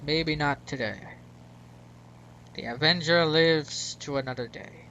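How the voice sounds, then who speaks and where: A man's voice: fairly high pitch, measured pace, sharp tone, dull audio, slight background noise. An American man hosting his gaming channel, rambling through casual gameplay commentary and chuckling at his own mistakes. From United States.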